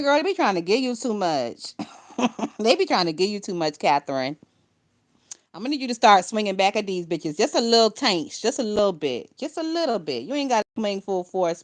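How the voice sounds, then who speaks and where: A young woman giving casual gossip commentary to her viewers, blunt and profane, often laughing. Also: medium pitch. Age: young adult.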